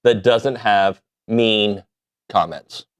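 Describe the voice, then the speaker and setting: A man hosting a sports talk show, talking casually in an animated, joking way that pokes fun at himself. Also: lowish voice, extremely slow. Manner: animated, self-deprecating, jokey. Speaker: sports radio host.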